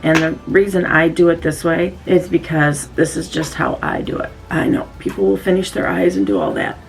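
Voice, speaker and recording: Low-voiced woman chatting through makeup. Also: creaky, rough recording. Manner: chatty, demonstrating step by step. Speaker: beauty vlogger. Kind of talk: casual makeup tutorial.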